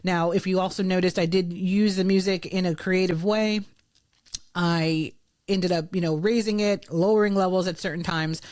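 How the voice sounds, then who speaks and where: A woman's voice: on the low side, normal speed, dry recording. Conversational woman host, dry close sound. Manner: relaxed, conversational, explaining with asides. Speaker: podcast host. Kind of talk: explanatory podcast commentary.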